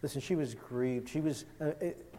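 A man preaching a sermon, impassioned, swinging from loud emphasis to hushed urgency as he retells a scripture story. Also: mid-range voice, normal speed, long reverb tail.

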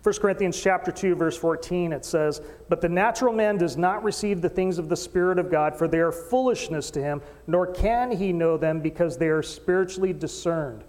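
A man preaching a sermon as pastor, animated storyteller who acts out voices and jokes with the congregation. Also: high voice, normal speed, hardly any pauses, big-room sound. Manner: animated storytelling, acting out quoted voices, joking with the crowd. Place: church stage in a hall.

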